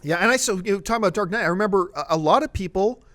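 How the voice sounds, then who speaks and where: A male host in a casual movie news discussion, animated and talking at length before handing off to a co-host. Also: high voice, racing. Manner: animated, talks at length and admits it.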